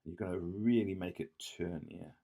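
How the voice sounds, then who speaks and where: A math tutor with a low, dark voice explains an exam question at normal speed, drawing on the whiteboard as he goes. He reasons aloud, corrects himself, and checks understanding with "yeah?".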